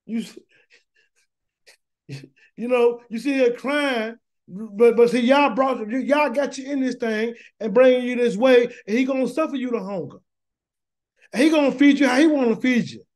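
Leading an informal weekly Torah study, this Bible teacher has a darkish tone in a voice that sits high for a man, speaking at normal speed with long pauses. He uses everyday talk like "y'all" and "gonna." In a preachy, emphatic way, he repeats words as a point builds and asks his listeners questions he then answers.

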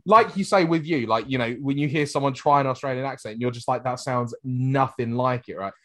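A man's voice: medium pitch, a little fast. A British man hosting a podcast, chatting casually and animatedly, laughing often. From Britain. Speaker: podcast host. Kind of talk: casual chat.

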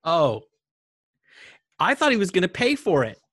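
A man's voice: sits high, huge pitch swings, a little slow, a bit bright, no echo, studio quality. A man co-hosting a casual movie chat who laughs often and mimics voices animatedly. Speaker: podcast co-host.

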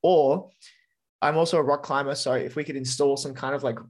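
A young Australian metal musician, guesting on a podcast, chats casually with lots of enthusiasm, swearing freely and talking in fast bursts. His voice is medium in pitch with fairly even intonation.

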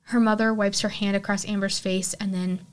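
A woman's voice: medium pitch, flat delivery, moderate pace, clean tone. Chatty woman podcast host recapping a film. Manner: chatty, lots of "like" and "you know". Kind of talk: casual film recap and review.

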